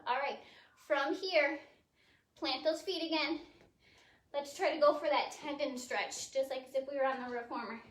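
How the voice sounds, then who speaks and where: A woman instructor leading a home pilates class, counting reps and giving steady, encouraging cues, recorded on a phone. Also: high voice, normal speed, roomy sound, distant mic. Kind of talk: cueing a home workout class. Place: warehouse studio.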